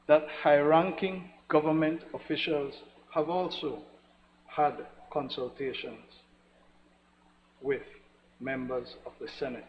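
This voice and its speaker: A man with a Belizean accent giving a formal, measured speech in a senate chamber, stressing each point. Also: mid-range voice. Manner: measured, emphatic, repeats formal address. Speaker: senator presenting a resolution. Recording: lo-fi recording with long hall reverb and faint noise.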